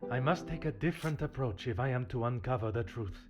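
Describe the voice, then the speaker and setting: A man voicing a self-assured older detective in a game, slow and quiet, his low voice steady and never hurried. Soft music plays underneath. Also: lo-fi sound, natural voice. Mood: measured.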